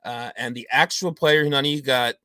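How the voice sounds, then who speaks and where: Give me a man hosting a casual podcast quiz with a bright, tense voice, reading out numbers. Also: medium pitch, fairly quick, no echo. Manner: reads out numbers, laughs often. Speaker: host running a trade quiz.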